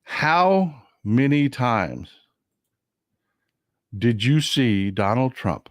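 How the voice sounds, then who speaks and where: A man from Texas hosting a livestream of political commentary, getting over a cold, talking in an animated, indignant way and repeating phrases for emphasis. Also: medium pitch, drawn-out words, pauses often, no echo, clean studio sound. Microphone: desk mic at a computer for a livestream.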